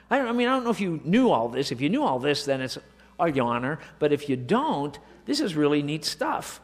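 A man preaching a sermon, moving from quiet asides to slow, emphatic declarations. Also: on the high side, very animated. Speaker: pastor. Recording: long reverb of a large hall.

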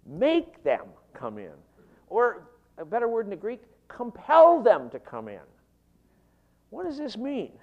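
A man preaching an expository sermon on a parable, animated and emphatic, rushing some phrases and slowing to stress others. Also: very high-pitched, lo-fi sound.

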